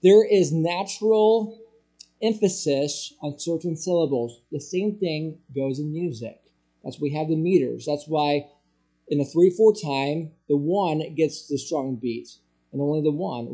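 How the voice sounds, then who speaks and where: A man's voice: fairly high pitch, measured pace, dark tone. A male pastor giving an explanatory lecture on music to a church class, with frequent restarts and spoken emphasis.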